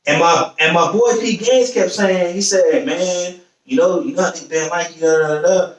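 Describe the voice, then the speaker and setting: Recorded on a distant mic in an echoey room, a young male podcaster with a high voice tells a long, casual story about himself at normal speed. He brings it to life animatedly by acting out the voices of the people involved.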